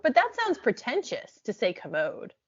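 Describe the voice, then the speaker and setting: A woman's voice: sits high, huge pitch swings, moderate pace, husky, dull audio. A woman co-hosting a podcast in casual chat, asking curious questions and laughing often. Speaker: podcast co-host.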